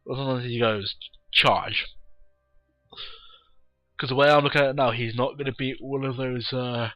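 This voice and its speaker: A man's voice: medium pitch, steady tone, quick pace, fairly bright tone, no room sound, soft background music. Tired, blunt man commentating a game. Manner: rambling, blunt, swears casually. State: tired, yawning. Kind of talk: casual gameplay commentary.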